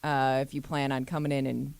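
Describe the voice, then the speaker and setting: A woman co-hosting talk radio in a studio, talking in hesitant, halting phrases. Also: very deep voice, flat delivery, vocal fry, a little mellow, smooth, no room sound. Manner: hesitant, fillers and restarts. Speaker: radio co-host.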